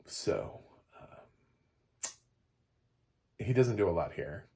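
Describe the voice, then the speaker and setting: Low-voiced chatty man reviewing films. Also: big pitch swings, very slow, creaky, dark tone. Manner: chatty, digressive, laughs at his own slips; opinionated, playfully exaggerated. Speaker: film reviewer. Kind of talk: casual film review.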